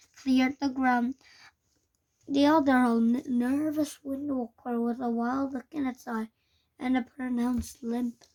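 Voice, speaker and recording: Slow, high woman reading a storybook. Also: darkish tone. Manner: halting, stumbles and restarts words. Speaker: reader. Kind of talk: reading a children's book aloud.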